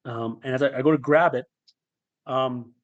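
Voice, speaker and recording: A man speaking as a guest on a podcast, telling a personal story in a reflective, halting way. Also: mid-range voice, steady tone, highs cut off. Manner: reflective and halting, with fillers and restarts.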